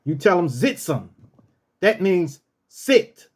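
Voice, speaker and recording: In a sing-song, high-pitched voice that rises and falls dramatically, a male storyteller host shares a loose, unhurried story. He switches to barking each order gruffly, the way a drill sergeant would.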